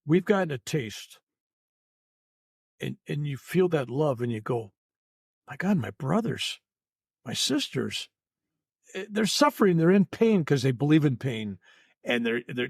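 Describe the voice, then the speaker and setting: A man's voice: medium pitch, vocal fry, breathy edge, no echo, studio quality. An older man, a reverend talking earnestly as a podcast guest, rambling and repeating himself. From United States. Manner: earnest, rambling, repeats words and says "you know" often. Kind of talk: spiritual podcast interview.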